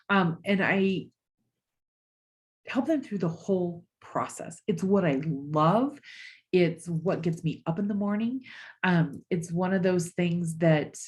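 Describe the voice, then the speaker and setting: A middle-aged woman coaching her audience in a motivational master class. Her voice sits a little low, and she talks in an emphatic, encouraging way with a casual swear here and there. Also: a little mellow. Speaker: life coach.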